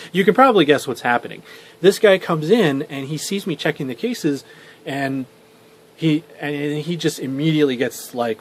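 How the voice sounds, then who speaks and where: A man's voice: a little high, slight background noise. A young man telling a story for a vlog. He rambles, swears and restarts his sentences often. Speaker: vlogger.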